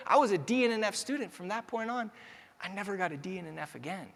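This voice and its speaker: Young male keynote speaker, storytelling style that builds to energetic audience address, slightly high voice, reverberant hall. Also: a little fast, creaky.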